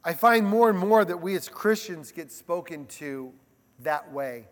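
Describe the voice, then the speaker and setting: A man preaching a sermon as a pastor, animated and conversational, with frequent asides to the listeners. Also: high voice, measured pace, long reverb tail.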